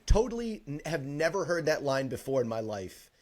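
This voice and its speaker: A man co-hosting a podcast in casual chat, excited, laughing often and quoting movie lines with gusto. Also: a little high, normal speed. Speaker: podcast co-host.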